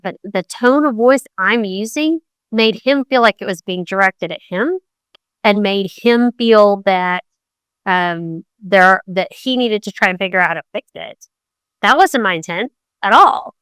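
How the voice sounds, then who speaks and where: Middle-aged woman host, lively monologue, clear bright voice, dry mic. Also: no echo. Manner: animated, acts out quoted tones with big pitch jumps. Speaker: podcast host. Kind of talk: conversational monologue on communication.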